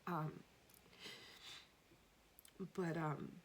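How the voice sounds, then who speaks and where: A woman giving a spiritual tarot reading, talking gently and rambling, often emotional. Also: deep voice, level tone, very slow, slight background noise. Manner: gently rambling, emotional, at times tearful and laughing. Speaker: tarot card reader.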